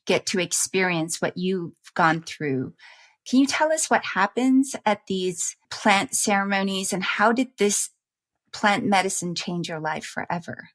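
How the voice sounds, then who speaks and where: A woman hosting a podcast, asking a guest a careful, measured question. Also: medium pitch, a bit bright. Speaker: podcast host. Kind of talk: interview question.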